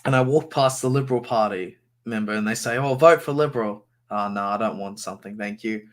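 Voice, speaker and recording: A young man with an Australian accent, a guest on a video call, telling a relaxed story and laughing along. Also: lowish voice, a little fast. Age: young adult. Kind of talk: casual chat on a video call.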